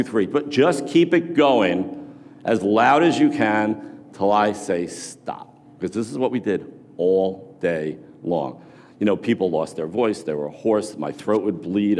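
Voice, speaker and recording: Middle-aged male keynote speaker, animated storyteller, low voice, long hall reverb. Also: a little hiss or hum. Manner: animated storyteller, shouts to rouse the crowd. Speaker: motivational speaker. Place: large hall with an audience.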